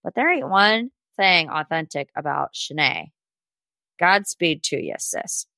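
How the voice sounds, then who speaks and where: In a chatty, casual recap of reality TV, a sassy, gossipy podcast host often speaks directly to the people she's discussing, laughing and saying "like" a lot. Her voice has an ordinary middle pitch and a sharp tone. The recording is dry, with no room sound.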